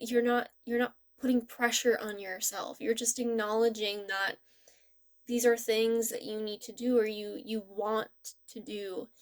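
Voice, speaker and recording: A young woman talks through a tarot reading in a relaxed, gentle way. She rambles and restarts her sentences often. Her voice sits a little high. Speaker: tarot reader. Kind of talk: casual spiritual reading.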